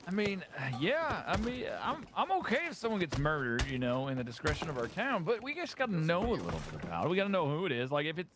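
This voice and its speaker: A man's voice: on the high side, big pitch swings, quick pace, hardly any pauses. Easygoing role-play man, noisy chat line. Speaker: role-play player, town business owner. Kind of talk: western role-play in character.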